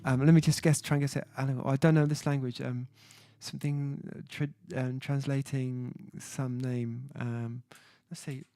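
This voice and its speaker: A man's voice: medium pitch, level tone, moderate pace, few pauses, warm tone, dry recording. A man hosting his own music livestream, chatting casually and reading viewer comments aloud, hesitant with many fillers as he sounds out foreign words. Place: at home, indoors.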